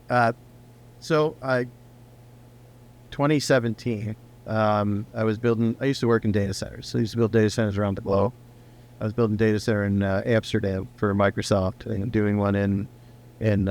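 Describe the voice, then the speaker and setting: A man's voice: lowish voice, darkish tone. A middle-aged man, a company founder, casually telling a long rambling personal story in an interview, now and then swearing.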